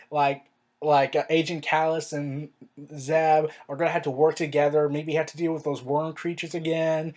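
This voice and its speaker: A reviewer in a casual monologue, rambling with fillers and restarts and firing off exasperated rhetorical questions, their pitch jumping up on emphasis. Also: steady tone, normal speed, darkish tone. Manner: pitch swings up sharply on emphasis. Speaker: show reviewer.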